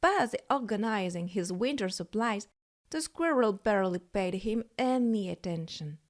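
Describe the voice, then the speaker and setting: A woman narrating a children's bedtime story in a slow, expressive, sing-song way. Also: medium pitch.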